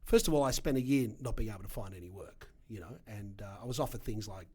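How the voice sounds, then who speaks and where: A middle-aged Australian man with an Australian accent, a guest telling his story in an animated, emphatic way with punchy asides. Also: lowish voice, fast, slightly rough. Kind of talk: casual storytelling interview.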